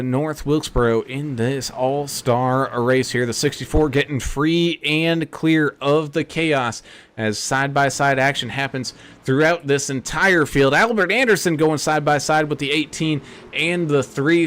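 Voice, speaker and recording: A man calling play-by-play for an online truck race, brisk and full of fillers. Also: on the high side, fairly bright tone, slight background noise. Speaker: lead commentator. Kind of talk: sim racing play-by-play commentary.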